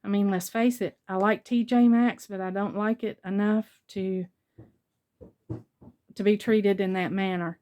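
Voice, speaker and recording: A woman's voice: medium pitch, steady tone, unhurried, warm tone. An older woman vlogger casually recounting a shopping mix-up, chatty and retelling conversations in detail. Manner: chatty, retelling a store encounter with quoted dialogue. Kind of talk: casual storytelling haul vlog.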